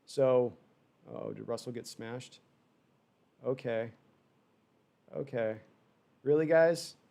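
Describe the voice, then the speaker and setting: On this fan livestream, the male host gives a rambling, animated live reaction to sports while reading chat, with frustrated remarks on the side. He speaks slowly at a medium pitch, with vocal fry.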